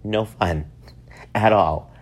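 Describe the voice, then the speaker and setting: Guy in his 30s, really low voice, jokey storytelling, jumps way up high when he quotes people. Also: very slow. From upstate New York. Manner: animated, self-mocking, swings up high for acted quotes. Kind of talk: casual storytelling monologue.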